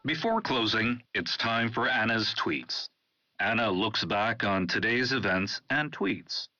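Bright lively male program announcer. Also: lowish voice, slow, lo-fi sound. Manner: lively, segment-introducing announcer delivery. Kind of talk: scripted announcing.

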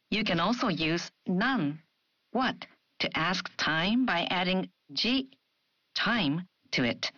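A woman presenting a language lesson in a clear, measured, explanatory way. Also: mid-range voice, animated, a bit bright, no room sound. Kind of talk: scripted educational narration. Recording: muffled studio broadcast audio.

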